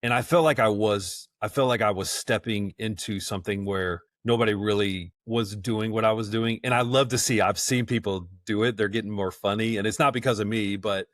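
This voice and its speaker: A man's voice: fairly low pitch, steady tone, a little fast, hardly any pauses, a bit bright, no room sound, studio quality. A man on a podcast as a guest, talking in a casual, folksy and enthusiastic way, laughing often and repeating words as he goes. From South Georgia, US. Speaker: guest, event rental business owner.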